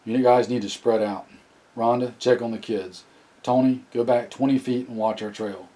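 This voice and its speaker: A man reading the part of a weary, capable soldier leading a family, calm and reassuring in an audiobook. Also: normal speed, close to an everyday voice. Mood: steady. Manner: calm, low-key, reassuring.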